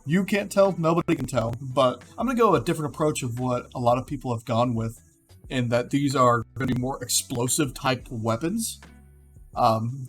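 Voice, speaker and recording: A man's voice: medium pitch, fairly bright tone. Rambling young man talking game ideas. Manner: rambling, self-correcting, lots of fillers. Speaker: gaming video creator. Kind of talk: casual commentary on game hero concepts.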